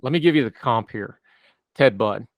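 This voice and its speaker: A man's voice: mid-range voice, animated, moderate pace, no echo. A man hosting a casual political talk show, adding wry, conversational asides. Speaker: podcast host.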